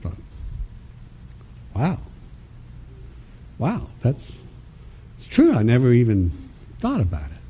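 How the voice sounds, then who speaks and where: This man preaches his personal testimony at a conference, animated and laughing as he acts out conversations, yet he frequently restarts his words, stammering when reflective. He speaks slowly in a husky, mid-range voice with long pauses.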